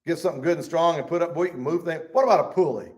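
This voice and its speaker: Man, Bible study teacher, folksy, emphatic, somewhat high voice. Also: rapid-fire, a little mellow. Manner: folksy, emphatic, reads scripture aloud.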